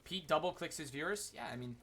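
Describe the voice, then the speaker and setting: A man's voice: a little high, fast talker, a bit bright, a little hiss or hum. A man streaming casually and talking to his chat, rambling with lots of "like" fillers. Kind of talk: casual livestream chat commentary.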